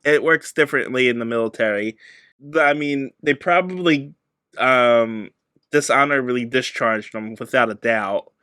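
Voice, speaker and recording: Male podcast co-host, bright and somewhat high voice, casual rambling delivery, dry recording. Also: normal speed, clear, resonant tone, no room sound. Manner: rambling, self-correcting. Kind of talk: casual movie review chat.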